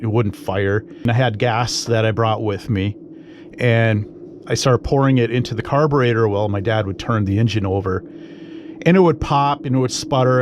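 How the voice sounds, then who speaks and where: A man's voice: medium pitch, background noise. A man telling a personal ghost story in a rambling, conversational way, full of fillers and asides.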